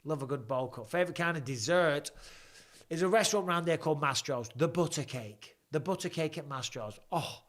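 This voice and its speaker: This live stream host delivers casual fight commentary in chatty, jokey banter, reading out questions from viewers. His voice is fairly high and fairly bright, and he talks briskly.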